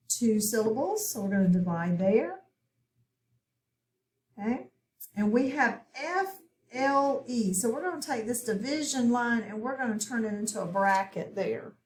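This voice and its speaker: A woman teaching a phonics lesson, talking slowly and clearly as she spells out sounds. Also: a little high, expressive, a little mellow. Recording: echoey room.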